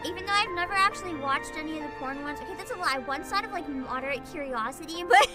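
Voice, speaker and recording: A young woman live-streaming a game from home, giggling, excitable and swearing often. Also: high-pitched, fast talker. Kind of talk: casual live-stream gaming chat. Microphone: desk mic with headphones. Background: game music.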